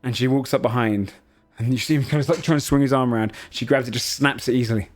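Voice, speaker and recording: A man's voice: mid-range voice, fast, soft background music. A man running a tabletop game as game master, narrating loosely with many filler words.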